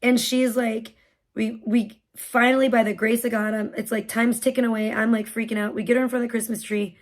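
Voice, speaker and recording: A woman's voice: fairly high pitch, little pitch movement, a little fast. Frazzled, rambling woman streamer. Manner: rambling, frazzled, swears freely. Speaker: live streamer. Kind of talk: casual storytelling on a livestream.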